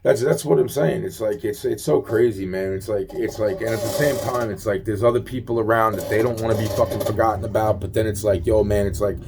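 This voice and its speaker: Low-voiced man ranting in a rambling monologue. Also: steady tone, fairly quick, gravelly, few pauses, background noise. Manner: profane, repetitive filler-heavy rambling; agitated, venting.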